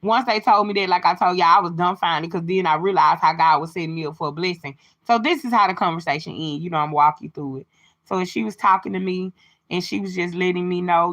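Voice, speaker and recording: A woman's voice: fairly low pitch, a little fast, a bit bright, highs cut off. A woman talking casually to her livestream viewers, chatty and open, sharing a personal testimony. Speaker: livestream host.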